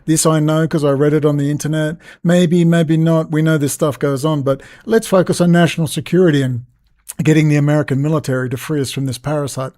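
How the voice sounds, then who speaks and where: A man's voice: fairly high pitch, fairly even intonation, brisk, warm tone. A man ranting in a vlog, blunt and heavily profane, exasperated as he talks outdoors near a road. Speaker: vlogger and interviewer. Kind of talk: angry off-the-cuff vlog rant.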